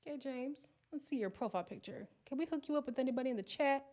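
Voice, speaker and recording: Hosting a live recap stream, a woman chats casually with her viewers and reacts with animated exclamations. She speaks quickly in a high voice.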